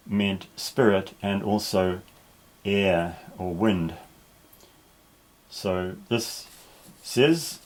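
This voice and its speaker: Lesson narration: lower-pitched male teacher, patient, methodical, unhurried explanations. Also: a little mellow, rough recording. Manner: patient, careful, with small restarts. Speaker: Greek teacher.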